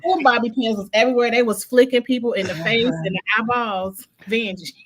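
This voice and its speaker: Relaxed woman steering the chat. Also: on the high side, fairly quick, slight background noise. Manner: relaxed, conversational, steers the topics. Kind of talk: casual chat.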